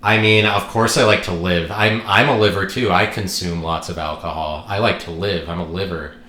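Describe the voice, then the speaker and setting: A man's voice: sits low, steady tone, normal speed, bright, forceful tone, roomy sound, slight background noise. A man hosting his own podcast, talking alone in a rambling, joking, irreverent way and swearing now and then. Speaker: podcast host. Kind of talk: rambling solo podcast monologue.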